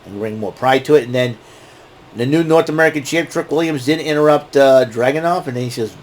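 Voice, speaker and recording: Rambling, excitable male recap host. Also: medium pitch, fairly quick. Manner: rambling and excitable, restarting sentences. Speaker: show host. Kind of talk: casual wrestling recap.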